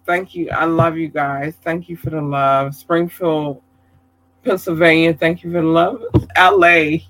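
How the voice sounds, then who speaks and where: A man giving casual livestream shout-outs to viewers, effusive and affectionate, calling them babies and swearing casually. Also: a little high, low-quality recording.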